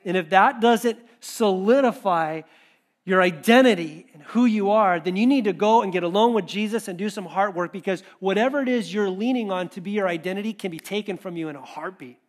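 High-voiced man preaching conversationally. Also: fairly quick. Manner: conversational, animated preaching with quoted asides. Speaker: pastor. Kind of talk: sermon.

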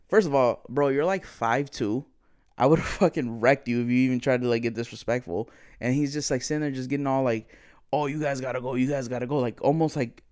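A man's voice: mid-range voice, a little mellow. A man retelling a story in casual chat, swearing freely and acting out quoted dialogue.

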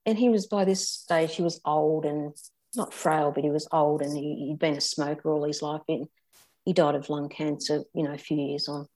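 Older Australian woman, low candid voice. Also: steady tone, darkish tone. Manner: candid and reflective, halting with restarts. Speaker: interview guest. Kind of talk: personal storytelling.

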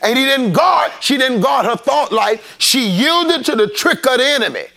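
Pastor, man, high and bright, slow call-and-response sermon delivery. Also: animated, vocal fry. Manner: preachy, call-and-response, rising to shouts. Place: church sanctuary.

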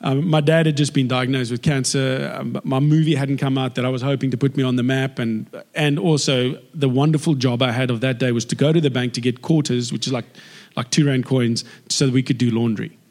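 A man from South Africa with a South African accent, giving a personal faith testimony as a lively storyteller who acts out dialogue. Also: medium pitch, brisk.

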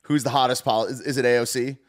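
A man's voice: mid-range voice, very fast. A man hosting a casual political chat, rambling and slangy, with playful outbursts. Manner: animated, rambling, slangy ("dude"), breaks into playful squeals.

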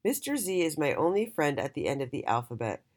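A woman's voice: low-pitched, sing-song, fairly quick, darkish tone. A woman voicing Mister Y, a sleepy, friendly male letter in a children's storybook, drawing out his words.

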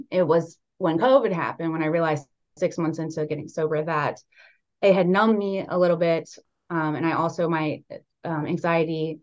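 A young woman tells her story in a candid, loose conversational way, leaning on fillers and asides. Her voice sits on the low side for a woman. The recording sounds dull and muffled. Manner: candid, animated, many fillers like "like" and "right". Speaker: podcast guest.

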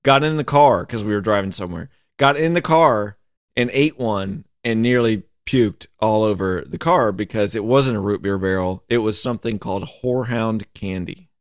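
A man's voice: on the low side, normal speed, no echo, clean studio sound. A man co-hosting a podcast, talking casually and rambling through a story, filling it with "like". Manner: rambling, heavy use of "like", storytelling. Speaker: podcast co-host. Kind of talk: casual chat.

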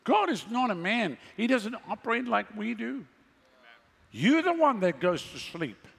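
A man's voice: sits high, big pitch swings, moderate pace, vocal fry, fairly bright tone, breathy edge, long reverb tail. A male pastor preaching a sermon in a conversational way, with sarcastic asides.

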